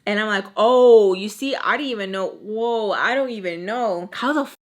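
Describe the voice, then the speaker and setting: A woman's voice: mid-range voice, normal speed. A woman casually telling a long personal story, acting out the quotes and dropping Spanish words, with frequent swearing and repeated phrases. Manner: animated, acts out quotes, drops Spanish words. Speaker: storytime vlogger.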